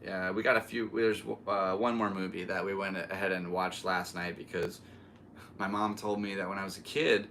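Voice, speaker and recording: A male comedian chats alone on his podcast, rambling from thought to thought and breaking into laughter. His voice sits fairly low but has a bright, forward tone. The delivery stays loose and casual. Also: little pitch movement, moderate pace, slight background noise. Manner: rambling, laughs often, restarts a lot. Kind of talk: casual solo podcast chat.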